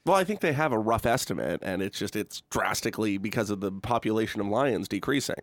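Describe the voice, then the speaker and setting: A man's voice: fairly low pitch, expressive, fast, dry recording. A man co-hosting a podcast, telling stories eagerly in casual chat. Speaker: podcast co-host.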